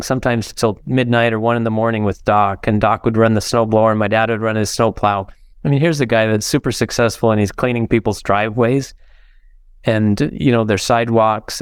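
Earnest man in his sixties, smooth voice. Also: mid-range voice, dry recording, studio quality. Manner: earnest, heartfelt, halting with many fillers. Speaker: podcast guest. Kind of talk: conversational storytelling.

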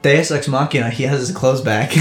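A game master narrating a tabletop game, telling the story with lots of laughter. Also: mid-range voice. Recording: echoey room with faint music.

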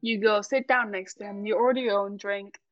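A woman co-hosting a casual podcast, playful and animated, spinning little scenarios with quick restarts. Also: mid-range voice, no echo, lo-fi sound. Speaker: podcast co-host.

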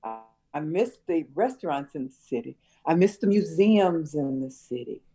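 An older woman chatting with her son in a family interview, reminiscing in a warm, teacherly way and laughing easily. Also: low-pitched, very animated, normal speed, breathy edge, faint music behind, rough recording. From Chicago area. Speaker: interviewee, mother of the host.

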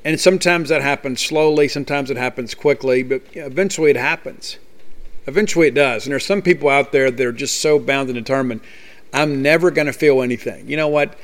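A man's voice: medium pitch, a little fast. A man hosting a podcast, talking earnestly and conversationally about his recovery with frequent fillers. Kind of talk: personal recovery talk.

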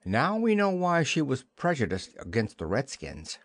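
A man's voice: mid-range voice, wildly swooping pitch, normal speed, dry recording, clean studio sound, voice pushed up. A man voicing a prim, motherly young girl who talks in a earnest, lightly scolding way.

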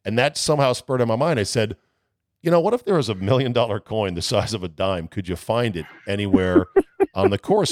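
Low-voiced man hosting a golf radio show. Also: no room sound, studio quality. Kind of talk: casual golf chat.

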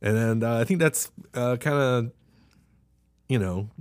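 A man's voice: medium pitch, a little slow, clean tone, no echo, clean studio sound. A man co-hosting a casual podcast, rambling and laughing as he retells a comedy sketch in quoted voices. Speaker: podcast co-host. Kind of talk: casual chat.

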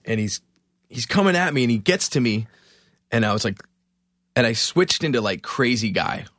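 A man from Philadelphia, a musician guest on a podcast, telling a story in an animated, profane, self-mocking way. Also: medium pitch, moderate pace, no room sound, studio quality.

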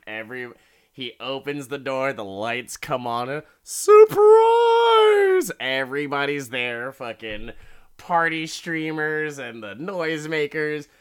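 An unhurried host picks apart a TV episode in a loose spoken monologue. The talk is full of swearing and exasperated groans. It stumbles through restarts and breaks into laughter. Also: mid-range voice, sharp tone, clear, resonant tone. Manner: halting, with many restarts. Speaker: show reviewer. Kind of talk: casual monologue review.

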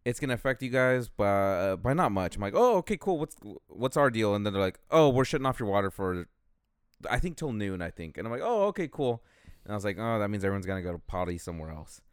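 A man's voice: on the low side, sing-song, fast, clean tone, no echo, clean studio sound. A young man co-hosting a casual podcast, rambling through a work story and acting out what others said. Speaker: podcast co-host. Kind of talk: casual chat.

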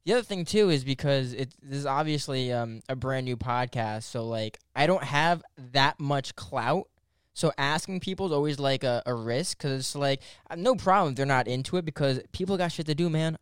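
A young man hosting a new podcast, chatting casually and excitedly, cursing and using lots of fillers. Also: mid-range voice, moderate pace, clear, resonant tone, dry recording, studio quality. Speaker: podcast host.

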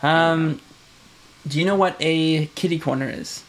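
A man's voice: fairly high pitch, measured pace. A man with a Michigan accent, co-hosting a casual podcast and explaining things with many "right?" checks. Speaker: podcast co-host. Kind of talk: casual chat.

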